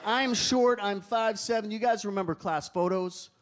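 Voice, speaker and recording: A young man doing a stand-up comedy routine on a club stage, animated and shouting his punchlines. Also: sits high, normal speed. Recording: live club audience and room noise faintly behind.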